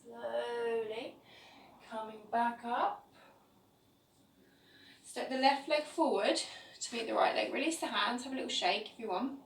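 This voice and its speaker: A woman teaching a yoga class, calmly cueing each pose step by step. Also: on the high side, measured pace, gravelly, pauses often, a little hiss or hum. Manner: calm step-by-step cueing of poses. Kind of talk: guided yoga class instruction. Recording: echoey room, voice from a distance, faint ambience.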